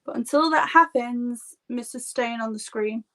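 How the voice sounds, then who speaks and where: Yorkshire woman in her thirties, high-pitched and slow-paced, chatty makeup artist rambling through a live stream. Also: fairly bright tone. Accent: Yorkshire English. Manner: chatty and rambling, heavy use of "like". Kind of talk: casual live-stream chat.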